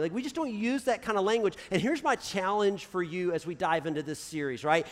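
A man preaching a casual sermon as pastor, talking very fast and tagging his points with "right?". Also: sits high, expressive. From United States. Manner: talks very fast, crams ideas together. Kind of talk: conversational sermon. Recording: long reverb of a large hall.

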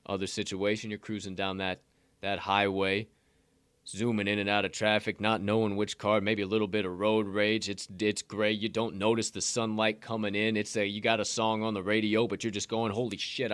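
Blunt, rambling low-voiced man. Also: little pitch movement, a little fast, fairly bright tone, clear, resonant tone, no echo. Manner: rambling, blunt and profane, with many restarts. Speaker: podcast co-host giving a motivation segment. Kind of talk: casual motivational talk.

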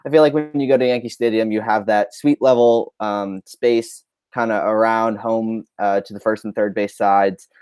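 A man's voice: lowish voice, fairly even intonation, normal speed, few pauses, darkish tone, clean tone, no room sound. A man chatting easily about baseball stadiums, sharing his thoughts as a co-host. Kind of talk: casual chat.

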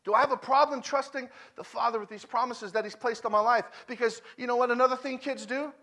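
Bright-voiced high-pitched male preacher. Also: fairly even intonation, fast. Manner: repetitive, emphatic, swings from loud to hushed. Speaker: guest preacher. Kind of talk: conversational sermon with personal stories.

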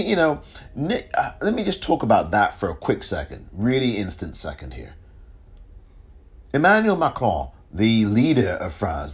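A man's voice: sits low, husky. A man hosting a solo podcast, talking casually and rambling, often chuckling and correcting himself. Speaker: podcast host.

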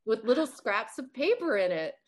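A woman's voice: fairly high pitch, big pitch swings, normal speed, background noise. A woman from Louisiana, a guest author chatting casually and telling stories with many fillers and asides. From Louisiana, USA. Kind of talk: casual interview chat.

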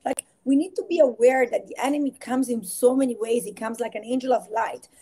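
A woman speaks as a podcast guest in a fairly high voice. She tells her stories with animation, slipping into quoted voices as she goes. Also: fairly quick, slightly rough. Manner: animated storyteller acting out quotes. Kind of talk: casual faith-based interview talk.

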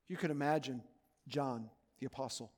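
A man preaching a sermon as pastor of his church, earnest, moving between loud urging and soft, hushed pleading. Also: medium pitch, brisk, long reverb tail. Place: church sanctuary.

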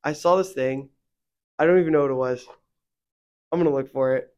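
A man's voice: medium pitch, a little fast, pauses often. A young man co-hosting a faith podcast, talking casually and rambling with many fillers, getting heated when he vents. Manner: rambling, filler-heavy, animated when venting. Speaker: podcast co-host.

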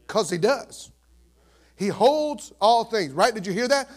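High-voiced animated male preacher. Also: normal speed. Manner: animated, conversational, rhetorical questions. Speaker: pastor. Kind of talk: sermon.

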